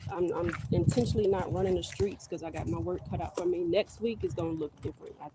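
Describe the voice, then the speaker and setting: A woman's voice: fairly low pitch, fast talker, heavy background noise. A middle-aged woman hosting a casual livestream outdoors in her garden, rambling chattily to her viewers on a handheld phone. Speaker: livestream host. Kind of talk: casual live-stream chat. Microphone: phone held close.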